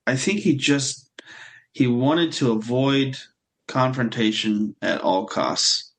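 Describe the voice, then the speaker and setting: A man co-hosting a podcast, chatting in a relaxed and agreeable way about a TV episode. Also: mid-range voice, slow pace. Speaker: podcast co-host. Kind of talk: casual TV recap chat.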